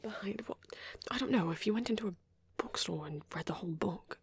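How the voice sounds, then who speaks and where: A woman voicing a shy young male vampire boyfriend in whispered role-play, talking softly with hesitant, stammering restarts. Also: medium pitch, animated, brisk, a little hiss or hum, close to an everyday voice. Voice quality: soft whisper.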